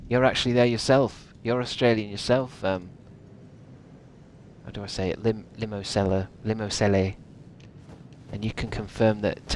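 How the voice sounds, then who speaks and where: A young man talking his audience through a game he is playing. His lowish voice rambles, swears and mocks himself in an easy, off-the-cuff way. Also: a little hiss or hum. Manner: rambling, sweary, self-mocking, laughs often. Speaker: streamer. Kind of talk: casual live-stream commentary while gaming.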